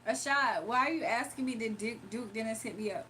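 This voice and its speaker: A woman's voice: a little high, a little fast, sharp tone, a little hiss or hum. A woman hosting a casual livestream from home, reading and answering viewers' chat with frequent laughs. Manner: chatty, laughs often, answers viewers directly. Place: home, early morning.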